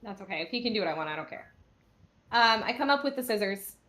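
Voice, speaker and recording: A woman playing a tabletop game, speaking politely, deliberately and directly. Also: medium pitch, lively intonation, a bit bright. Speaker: player.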